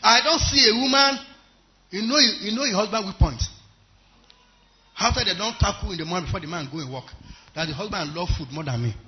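A man preaching a sermon with a Nigerian English accent, swinging between loud exhortation and quiet storytelling, in a church service. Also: sits high, expressive, brisk, pauses often. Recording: muffled recording.

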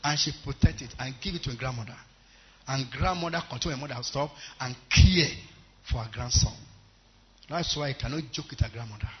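A Nigerian man from the Yoruba area, a pastor giving a sermon testimony in emphatic storytelling that swings from quiet asides to loud exclamations. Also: mid-range voice, a little fast, lo-fi sound.

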